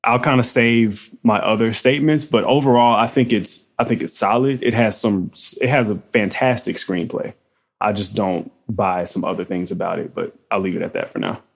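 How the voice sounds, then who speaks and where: A man on a film podcast giving a measured, reserved opinion of a movie. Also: lowish voice, steady tone, gravelly. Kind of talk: casual film discussion.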